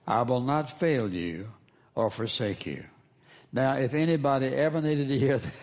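A man as pastor, preaching a sermon, calling for responses from the congregation and repeating key phrases for emphasis. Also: mid-range voice.

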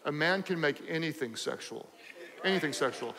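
A man preaching a sermon as pastor, animated and joking, repeating phrases for emphasis. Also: a little high, moderate pace, big-room sound, crowd noise, low-quality recording.

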